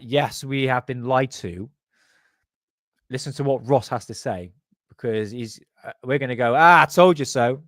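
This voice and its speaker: A man's voice: medium pitch, dry recording, clean studio sound. A man hosting a live stream, talking casually with sarcastic, jokey asides. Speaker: livestream host.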